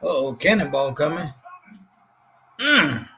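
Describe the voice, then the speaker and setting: A man's voice: a little high, very animated, takes it slowly, pushed and bright, slight background noise. A man hosting a live stream, giving slangy, laugh-filled casual commentary and reading chat aloud.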